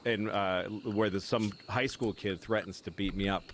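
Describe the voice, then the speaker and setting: A man with a fairly low voice tells long, wandering stories on a podcast and laughs at himself as he goes. A loud hiss sits under his voice, along with cricket and insect sounds. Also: steady tone, moderate pace. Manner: rambling storyteller who laughs at his own stories. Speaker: podcast guest. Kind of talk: casual chat, telling anecdotes. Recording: podcast audio under loud background noise.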